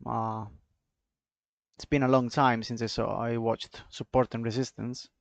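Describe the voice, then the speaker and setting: A man's voice: mid-range voice, level tone, measured pace, gravelly. A man with an Italian accent, casually talking through trading charts live and chatting with viewers in a loose, offhand way. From Italy. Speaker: trading streamer.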